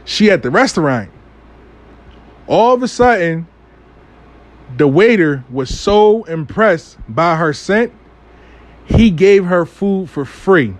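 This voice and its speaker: A man telling a casual, profane story in loose street slang, often repeating phrases like "out of nowhere". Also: a little high. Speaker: storytime vlogger.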